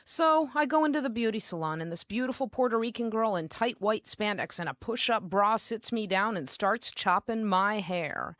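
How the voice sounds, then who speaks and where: A woman's voice: mid-range voice, expressive, normal speed, few pauses, a bit bright, no room sound, clean studio sound. Brash woman spoken-word poet. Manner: brash, comic, profane storytelling. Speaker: performance poet.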